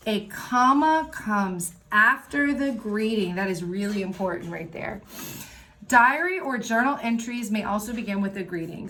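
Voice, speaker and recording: A woman teacher giving a recorded lesson to young children, explaining worksheets step by step in a clear, patient way. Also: mid-range voice, expressive, moderate pace, a bit bright, a little hiss or hum. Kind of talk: recorded remote class lesson.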